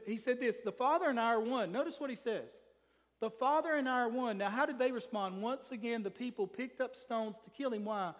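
A man preaching an emphatic sermon in a church, reading scripture aloud as pastor. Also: sits high. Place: church sanctuary. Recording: long reverb from a large hall.

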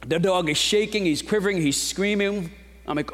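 A man's voice: on the high side, fairly quick. A middle-aged man preaching a sermon in a conversational storytelling style, with rhetorical questions to the congregation. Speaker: pastor. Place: church sanctuary. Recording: long reverb of a large hall.

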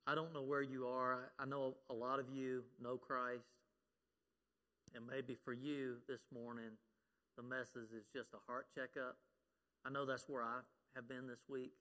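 A man's voice: mid-range voice, level tone, moderate pace, bright, forceful tone. A man preaching a sermon as pastor, earnest, quoting scripture and at times getting choked up. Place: church sanctuary. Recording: long reverb of a church hall.

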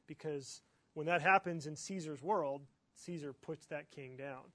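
A man's voice: fairly high pitch, measured pace, fairly bright tone, dry recording. A male pastor preaching a sermon in a rhetorical style, often checking in with "right?" and "okay?".

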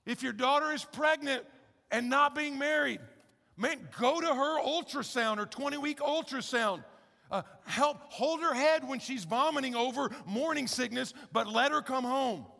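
A man preaching in a big hall, his voice high and gravelly. He talks to the crowd with an emphatic, conversational push, and a long reverb trails his words. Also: normal speed, pushed and bright. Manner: emphatic, conversational preaching with repeated calls to listen. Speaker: pastor. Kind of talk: sermon.

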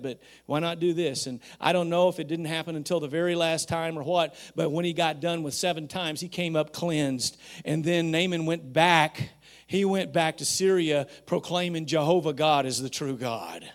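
This is a man delivering a sermon. His voice sits a little higher than most. He builds to shouting emphasis and then drops to near-quiet remarks. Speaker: pastor.

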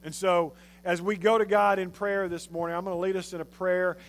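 Pastor guy with a high voice, preaching casual, chatty and animated. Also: brisk. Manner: animated, conversational storytelling. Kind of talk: sermon.

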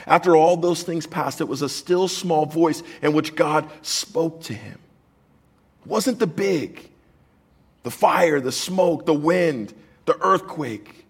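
Husky-voiced man preaching a sermon. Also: on the high side. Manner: conversational, jokey, animated preaching. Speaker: pastor.

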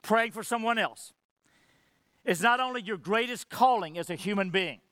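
A man's voice: high voice, moderate pace, pushed and bright, smooth, dry recording. A man preaching a sermon with passion, acting out quoted dialogue and dropping to near whispers for emphasis. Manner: impassioned preaching with dramatic drops to near whisper; acts out quoted dialogue between God and Moses. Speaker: pastor.

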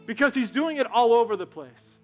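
A man's voice: extremely high pitch, expressive, fairly quick, fairly bright tone, faint music behind. A man giving a conversational sermon as pastor, telling stories and asking his congregation questions. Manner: conversational, storytelling, asks the crowd questions. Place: church sanctuary.

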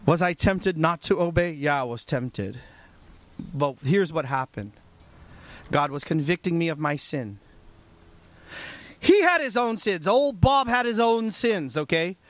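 A male pastor preaching a sermon in an animated, conversational storytelling way. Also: a little high, unhurried, long pauses.

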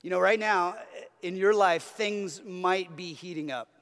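A man's voice: sits high, unhurried, a bit bright, big-room sound. A man preaching a sermon as a pastor, earnest, with a repetitive, building cadence.

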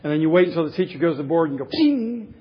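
Guy preaching, husky voice, kinda high, muffled lo-fi recording. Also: racing. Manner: reads scripture aloud, then explains it with lively childhood stories. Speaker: pastor. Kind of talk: sermon.

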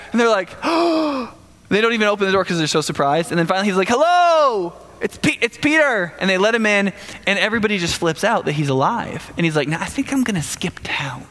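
A man preaching a casual sermon, retelling the story with animated acted-out quotes and asides. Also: sits high, long reverb tail. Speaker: pastor.

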